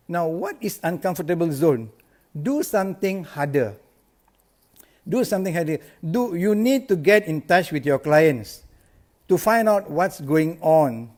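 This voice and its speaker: A middle-aged man, coaching insurance agents in an emphatic, motivational live talk. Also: on the high side. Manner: energetic, emphatic, repeats key lines.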